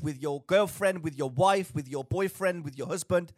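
A podcast co-host rants with animation during a casual podcast chat. His voice is fairly high and moderately paced, recorded dry at studio quality.

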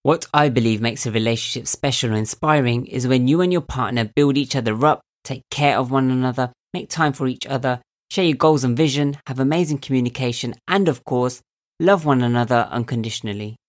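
A young man with a voice he calls squeaky and nasal, giving calm, earnest motivational advice to camera as a self-help video host. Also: brisk. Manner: calm, earnest, coaching tone with rhetorical questions. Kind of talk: reflective motivational talk to camera.

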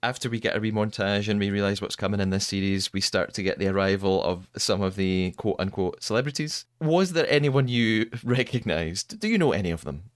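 A man's voice: lowish voice, lively intonation, brisk, few pauses, no echo. A man hosting a podcast, chatting casually, asking his guest questions and laughing easily. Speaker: podcast host. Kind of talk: casual chat.

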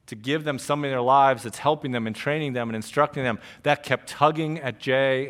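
A middle-aged male pastor from New York, preaching a sermon as a story, dropping to a hush and then rising loud again. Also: medium pitch, clean tone.

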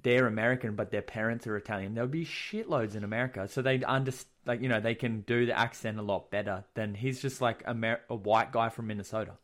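A man's voice: lowish voice, fast talker, hardly any pauses, fairly bright tone. A young man co-hosting a casual podcast chat, laid-back and slangy.

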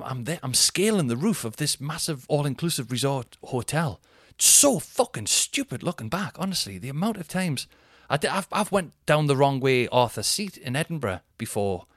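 Male comic host, 30s, mid-pitched, animated sweary storyteller, dry mic. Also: no echo. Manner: rambling, sweary, animated anecdote-telling. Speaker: comedian podcast host. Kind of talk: casual storytelling.

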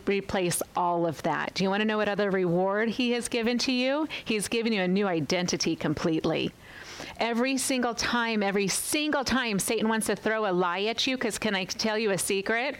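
Female preacher, mid-pitched, emphatic and repetitive, sermon delivery. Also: clean tone, rough recording. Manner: emphatic, repetitive, asks the listeners questions.

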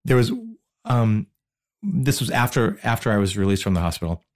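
A middle-aged man telling stories in casual chat as a podcast guest, animated and self-deprecating, often stammering and repeating words. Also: on the low side, moderate pace. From Boston area.

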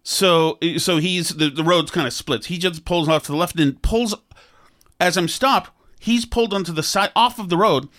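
A podcast host telling a story in a casual, animated way, acting out his own quotes. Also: sits high, normal speed.

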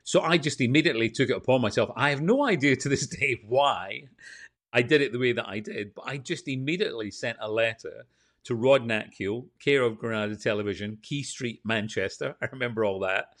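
Scottish man telling lively stories. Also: mid-range voice, brisk. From Scotland. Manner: animated anecdotes, quotes others. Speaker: TV and radio presenter, guest. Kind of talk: casual interview storytelling.

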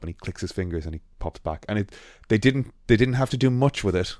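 A man's voice: sits low, fairly quick, a little mellow, no echo, clean studio sound. A man co-hosting a podcast in casual chat, rambling with frequent ums and restarts. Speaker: podcast co-host.

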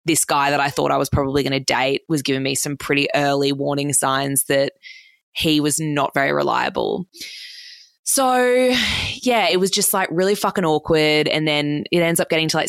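A woman's voice: deep voice, flat delivery, a little fast, vocal fry, dry recording. A young Australian woman casually telling a dating story, chatty and swearing freely, full of "like" and acted-out quotes.

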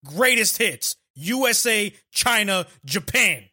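A man hosting a casual podcast, joking loudly and repeating lines like chants. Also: high-pitched, lively intonation, slow, breathy edge. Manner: loud, joking, chanting repetition. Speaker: podcast host. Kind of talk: casual banter.

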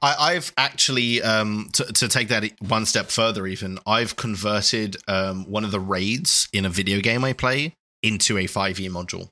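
A man co-hosting a podcast in casual chat, playful and quick to laugh. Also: fairly low pitch. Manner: laughs often, animated and playful. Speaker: podcast co-host.

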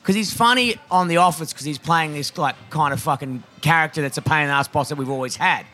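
A man's voice: fairly high pitch, fast talker, bright, forceful tone, faint music behind. Sweary, blunt Australian man. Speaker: comedian guest. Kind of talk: casual backstage chat. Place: green room of a comedy venue.

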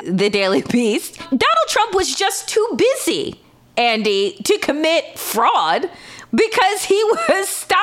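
A woman co-hosting a political podcast, talking in a high voice that rises and falls freely. She is sarcastic and blunt, swears casually, and keeps laughing at her own points. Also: a bit bright. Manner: profane, sarcastic, laughs often. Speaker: podcast co-host.

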